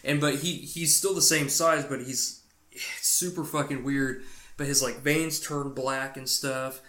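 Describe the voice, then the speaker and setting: A man's voice: medium pitch, fairly even intonation, unhurried, pushed and bright. Man, podcast co-host, loose cursing recap, roomy echo. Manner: profane, rambling storytelling. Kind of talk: casual movie recap.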